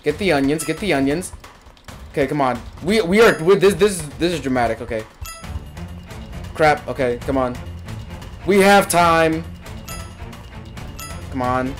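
Faint music plays behind a young man giving jokey, relaxed let's-play commentary to his viewers, turning frantic in moments of panic. He's a gaming video creator with a higher voice, a measured pace and frequent pauses.

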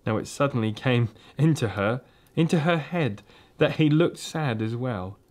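A man reading a children's storybook aloud, in a gentle, steady and expressive way. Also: medium pitch, unhurried. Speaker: reader.

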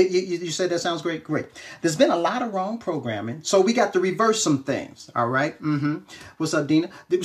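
On a live stream, a reverend and self-help speaker with a somewhat high voice delivers an animated, chatty motivational talk. He greets viewers and checks in with them often.

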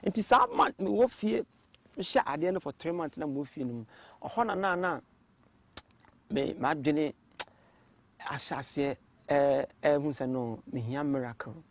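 A man gives his testimony as an interview guest. His voice sits somewhat high for a man. He talks haltingly, restarting and repeating words as he searches for what to say.

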